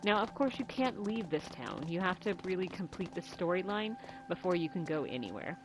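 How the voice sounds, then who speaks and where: A woman's voice: on the low side, very animated, a little fast, rough recording. A woman hosting a game walkthrough in casual, chatty commentary over game music. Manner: chatty, rambling. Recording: game music playing behind.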